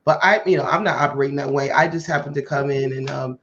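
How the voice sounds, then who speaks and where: A woman hosting a podcast tells a personal story in a casual way and acts out the dialogue with lively voices. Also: a bass voice, quick pace. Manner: animated, acts out quoted dialogue. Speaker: podcast host. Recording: muffled lo-fi audio.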